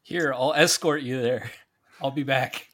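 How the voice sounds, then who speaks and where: A man's voice: medium pitch, measured pace, fairly bright tone. A man at a tabletop game table, speaking in a mid-range voice with a playful, joking manner. He laughs easily and banters with the group. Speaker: player. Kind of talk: casual tabletop game play.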